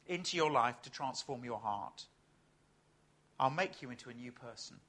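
Male preacher, animated and bright, tells stories, asks the crowd questions. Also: fairly high pitch, moderate pace. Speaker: Anglican clergyman. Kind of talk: sermon.

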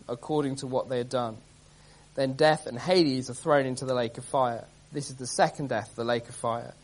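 A man delivers an expository sermon in an earnest, emphatic manner, reading scripture aloud with dramatic stress. His voice is medium-pitched, and he pauses often with plenty of "um" and "uh."

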